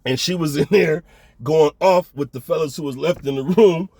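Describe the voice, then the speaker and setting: A man's voice: on the high side, moderate pace, creaky, dark tone, no room sound. Laid-back slangy man telling a story. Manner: laid-back, slangy, addresses listener as big baby. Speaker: storyteller host. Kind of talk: casual storytelling.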